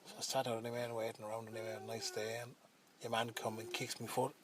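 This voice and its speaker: A man's voice: mid-range voice, little pitch movement, quick pace, background noise. An Irish man telling a rambling, chatty story to his family, often checking in with his listeners.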